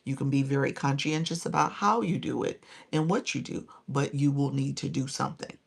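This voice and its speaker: A woman's voice: extremely low pitch, a little fast, gravelly, breathy edge. A woman in her forties coaching viewers on a live stream, emphatic and chatty, thanking people by name and laughing often.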